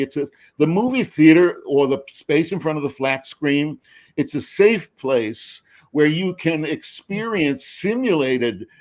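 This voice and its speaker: Animated older male storyteller. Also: a little high, lo-fi sound. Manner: expressive storyteller with many restarts, animated. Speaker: screenwriter and professor. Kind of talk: animated panel talk.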